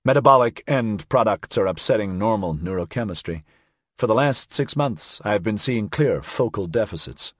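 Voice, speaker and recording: A man doing a wary low-voiced doctor. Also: animated, no room sound, clean studio sound. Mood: clinical. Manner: measured, clinical, wary. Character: cautious, guarded male doctor, low-voiced.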